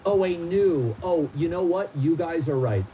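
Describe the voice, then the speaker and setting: A man's voice: fairly high pitch, lively intonation, unhurried, background noise. Man reading a statement with incredulous asides. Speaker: streamer. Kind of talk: reading a statement aloud with commentary.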